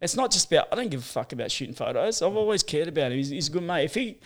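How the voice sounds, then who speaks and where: A man with an Australian accent, a surf photographer chatting as a podcast guest, talking in a blunt, profane, animated way. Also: a little high, racing. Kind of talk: casual interview chat.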